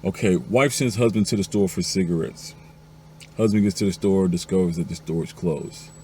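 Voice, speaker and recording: Joke after joke comes from a man with a very deep, mellow, dark voice at a moderate pace. He voices husbands, wives and doctors alike, climbing to a high pitch for the female lines, while a faint hiss lingers beneath the recording.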